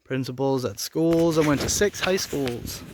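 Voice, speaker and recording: A man's voice: medium pitch, measured pace, darkish tone. A man in his forties telling personal stories in a casual vlog, blunt and profane, rambling with bursts of anger. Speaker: vlogger.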